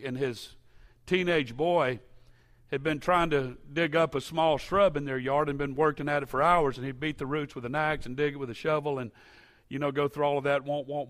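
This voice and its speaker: A pastor delivers a sermon in church, his voice bright and a touch high for a man. He talks folksy stories in a conversational way, then swells into loud, impassioned shouting.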